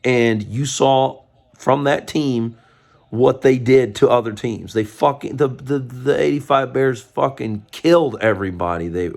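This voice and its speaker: A man's voice: medium pitch, measured pace, vocal fry, darkish tone. A man giving a profane, fired-up rant as a sports fan, mocking others with put-on quotes. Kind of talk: ranting fan commentary.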